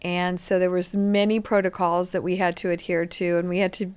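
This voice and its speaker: Speaking briskly in a low, clear and resonant voice, an actress chats casually during a podcast interview. She is an animated storyteller who voices the quoted lines of people from her anecdotes.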